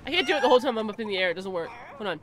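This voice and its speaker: A young woman streaming a game, chatting casually, giggling and calling out excitedly to the animals in the game. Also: mid-range voice, very fast, noisy background. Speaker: gaming streamer. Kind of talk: casual gameplay commentary.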